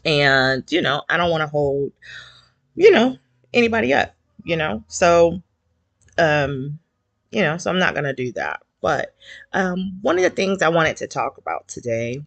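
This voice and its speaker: A man's voice: fairly high pitch, very animated, unhurried, vocal fry, a bit bright, no room sound. A man hosting a casual livestream from his couch at home. He sounds nervous, his voice is shaky and he fills his talk with many ums. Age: older adult. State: shaky voice from nerves. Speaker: host of a fan support livestream.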